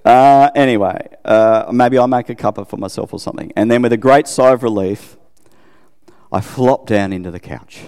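A man's voice: medium pitch, moderate pace, darkish tone, clean tone, big-room sound. A middle-aged Australian man preaching a casual, conversational sermon, often checking in with his listeners and poking fun at himself. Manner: chatty, self-deprecating, asks listeners questions.

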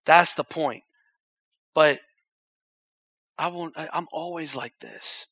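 A young male pastor delivers a sermon in a slightly higher-than-usual voice, recorded close and dry with no room sound. He hammers repeated phrases with rising urgency, then sinks to soft, intimate near-whispers. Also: fairly even intonation, slow, breathy edge, no room sound. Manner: swings from loud urgent repetition to hushed near-whispered intimacy.

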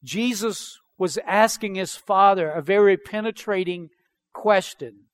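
A man's voice: high voice, unhurried, clean tone. A man preaching a sermon as pastor, reading scripture aloud and then explaining it with emphatic questions.

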